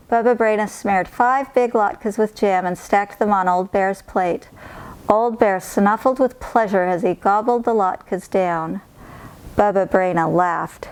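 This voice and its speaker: A woman narrating a children's picture book, calm and clear. Her voice sits at an ordinary middle pitch and the telling is steady and unhurried. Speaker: storybook reader. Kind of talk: reading a picture book aloud.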